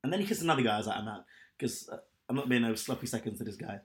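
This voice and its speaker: Rapid-fire and medium in pitch, a male podcast co-host launches into a story during casual banter. His telling is animated, broken up by frequent laughter.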